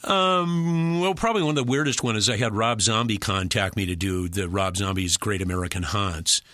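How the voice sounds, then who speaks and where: A man, a working voice-over actor, chatting in an interview and telling animated stories that slip into quick character voices. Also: fairly low pitch, dry recording, studio quality. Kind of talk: casual interview chat.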